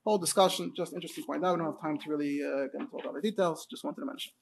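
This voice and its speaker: Male Torah teacher. Talks fast and explains things with lots of asides. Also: on the high side, vocal fry, husky. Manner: rapid, explanatory, full of fillers and asides. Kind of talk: Torah class on Hebrew pronunciation.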